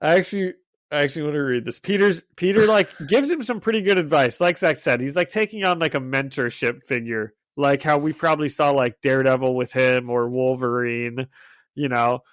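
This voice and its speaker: A man hosting a podcast, recapping an episode in an animated way and laughing often as he retells it. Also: medium pitch, brisk, no room sound. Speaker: podcast host.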